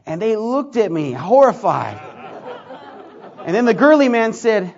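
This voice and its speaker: A man with a high voice preaches a story and acts out each person's lines with lively energy. The recording sounds muffled and lo-fi. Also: a little slow, pauses often, a faint crowd. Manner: animated storyteller acting out dialogue. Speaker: pastor. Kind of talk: sermon storytelling.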